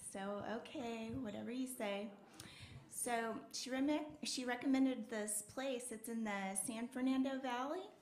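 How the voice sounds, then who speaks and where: A young woman doing a stand-up set, telling her story in a chatty way with lots of fillers. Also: a little high. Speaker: stand-up comedian. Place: comedy club stage. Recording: roomy club with faint noise.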